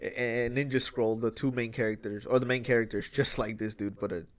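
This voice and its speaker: A man hosting a podcast in casual chat, excitedly retelling a film scene, swearing freely and acting out the lines. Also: mid-range voice, brisk. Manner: excited storytelling, swears freely, acts out quotes. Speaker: podcast host.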